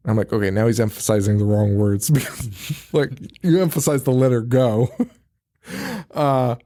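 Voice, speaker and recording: A male podcast host with a dark tone and medium pitch keeps a moderate pace while casually running through a film's story. He acts out lines, laughs frequently and swears.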